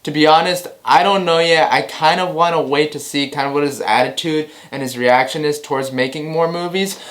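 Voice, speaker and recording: A man hosting a casual movie news show, excitable and rambling, often repeating himself. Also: on the high side, fairly quick.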